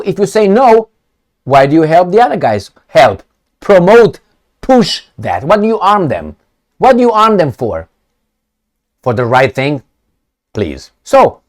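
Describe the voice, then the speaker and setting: A man delivering a heated, profane commentary rant. His voice sits a bit high and swings widely in pitch as he jabs with sarcastic rhetorical questions. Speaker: political commentator. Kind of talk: ranting commentary vlog.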